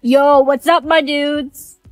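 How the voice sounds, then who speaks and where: A text-to-speech woman's voice reading a storytime script, voicing every role with even synthetic delivery. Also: high voice, slow pace, no room sound, soft background music.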